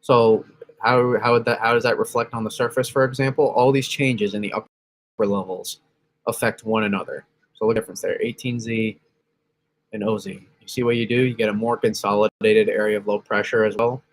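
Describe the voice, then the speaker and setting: Guy with kinda low voice chatting thru weather maps, keeps correcting himself. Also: flat delivery, a little fast. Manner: rambling, self-correcting, laughs at chat. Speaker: weather channel host. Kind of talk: casual livestream weather analysis.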